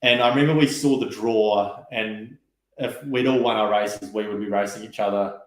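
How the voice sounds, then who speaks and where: A man telling stories casually in an interview, relaxed and chatty, with lots of fillers and quoted asides. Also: lowish voice, normal speed. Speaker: guest rower. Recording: roomy echo.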